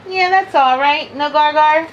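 A woman's voice: high-pitched, a little slow, dull audio, a little hiss or hum. A woman hosting a crafting vlog from home, talking casually to the camera in a rambling, chatty way with frequent laughs and lots of "like". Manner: chatty and rambling, laughs often, says "like" a lot.

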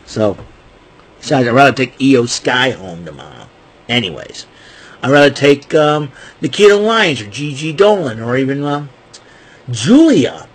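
A man hosting a wrestling recap show, rambling casually with joking asides and a husky voice. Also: mid-range voice, very animated, moderate pace.

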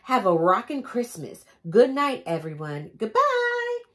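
A woman voicing a band of rock-star reindeer from a picture book, cheerful and high. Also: big pitch swings, normal speed.

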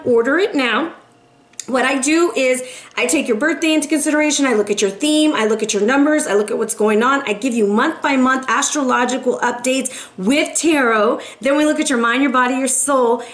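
A woman's voice: a little high, reverberant. A woman giving a casual tarot reading to camera, chatty and upbeat, coaching her viewers and often checking in with "right?". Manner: encouraging, coaching tone. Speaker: tarot reader.

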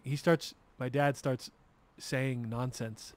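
A man's voice: fairly high pitch, unhurried, fairly bright tone, no room sound. A man telling a long story while playing a game, rambling and swearing freely with lots of restarts. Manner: rambling, profane, restarts a lot. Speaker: gamer streamer.

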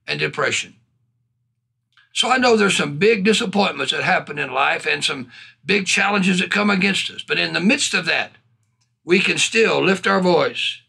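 Man preaching, gravelly, husky, fervent, scripture read slowly, frequent laughs. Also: fairly high pitch, pushed and bright. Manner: fervent, exclaims hallelujah and praise God, reads scripture slowly; laughs often while preaching. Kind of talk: sermon.

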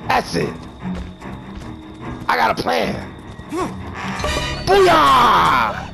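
A man streams a horror game and taunts the other players in loud, cursing, mock-threatening bursts. His voice is very high and full of gravelly fry. Loud game music runs behind him. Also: wildly swooping pitch, extremely slow. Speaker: gamer streamer. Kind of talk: trash-talking gameplay commentary.

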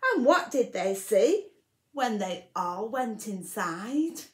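A woman reading a rhyming picture book aloud to children for a library storytime, very expressive, with whispered asides. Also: mid-range voice, takes it slowly.

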